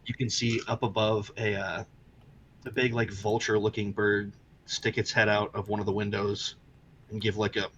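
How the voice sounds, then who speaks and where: A man's voice: lowish voice, little pitch movement, moderate pace, fairly bright tone, slight background noise. A man narrating a tabletop game as game master, describing the scene loosely with many fillers over an online call.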